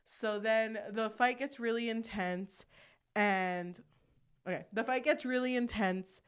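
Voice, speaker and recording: Young female podcast co-host recapping a film, animated delivery, slips into the characters' voices, casual chat. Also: a little high, slow, smooth. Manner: animated, acts out character lines while recapping. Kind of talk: casual chat retelling a movie plot.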